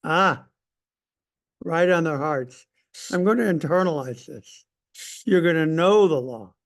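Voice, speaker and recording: A man leads a Sunday school lesson with a gravelly, slightly raised voice. He talks conversationally and with emphasis, breaking off often to put questions to his class. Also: fairly high pitch, expressive, unhurried.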